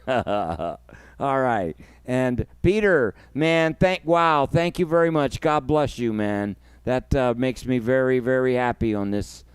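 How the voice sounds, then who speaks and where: Smooth-voiced emotional man hosting a livestream. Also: mid-range voice, dry recording. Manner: emotional, effusive, thanks viewers warmly by name. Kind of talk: casual livestream chat.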